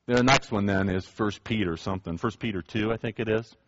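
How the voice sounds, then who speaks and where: A man's voice: on the low side, brisk, a bit bright, dry recording. A man preaching a sermon as pastor, reading scripture and earnestly asking the congregation direct questions, on a dull, dry, lo-fi recording.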